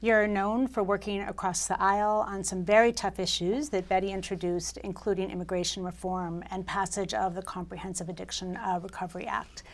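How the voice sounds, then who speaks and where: A woman's voice: mid-range voice, steady tone, a little fast, hardly any pauses. A woman, a university dean, welcoming a guest and asking a polished opening question. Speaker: interviewer, dean. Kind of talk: formal interview.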